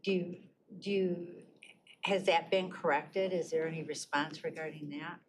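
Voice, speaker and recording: A woman's voice: low voice, flat delivery, moderate pace. A woman commissioner questioning staff at a committee meeting, polite but skeptical. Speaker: county commissioner. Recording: noisy public meeting room.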